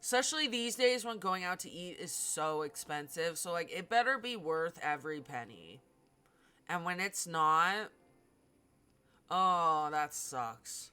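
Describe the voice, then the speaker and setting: A woman's voice: fairly low pitch, lively intonation, a little slow, sharp tone, smooth. A woman streamer chatting casually with her viewers while playing, in a talkative way with lots of fillers. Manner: chatty, filler-heavy, talks to chat.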